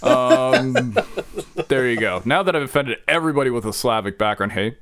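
A man's voice: mid-range voice, animated, fast talker, heavy background noise. A man co-hosting a casual podcast, telling long, digressive stories full of restarts and side remarks. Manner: rambling, digressive storytelling with many restarts. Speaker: podcast co-host.

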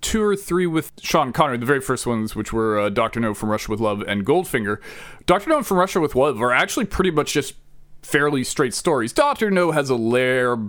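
A man co-hosting a casual podcast tells long, digressive stories packed with restarts and side remarks. His voice is mid-range and a bit bright, with no echo.

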